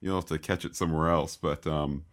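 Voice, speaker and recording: A man's voice: rumbling low, fairly even intonation, a little fast. A man co-hosting a podcast in casual chat, talking animatedly with exclamations and reading quotes aloud. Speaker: podcast co-host.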